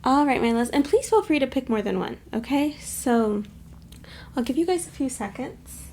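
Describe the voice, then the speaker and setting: Gravelly-voiced woman doing a tarot reading. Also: high voice, big pitch swings, moderate pace, darkish tone, slight background noise. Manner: chatty and affectionate, keeps addressing viewers as "my loves". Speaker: tarot reader. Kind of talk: casual pick-a-card tarot reading to camera.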